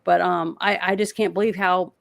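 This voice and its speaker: A woman's voice: lowish voice, fairly even intonation, gravelly, no echo. Fired-up woman ranting on a podcast. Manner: fired-up, swearing, rapid bursts of anger. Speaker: co-host. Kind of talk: heated political podcast rant.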